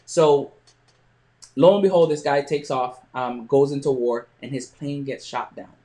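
A man hosting a podcast, telling a motivational story with frequent pauses and restarts. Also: mid-range voice, warm tone. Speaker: podcast host.

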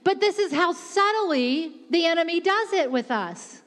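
A woman preaches a passionate sermon, quickly shifting her voice to act out quotes from God and the Pharisees. Her very high, fairly bright voice is expressive, and the recording carries echoey hall reverb.

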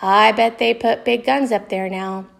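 A woman's voice: on the high side, steady tone, a little slow, vocal fry. Woman doing a serious, official-sounding boy. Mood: confident. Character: serious chubby Dutch schoolboy friend.

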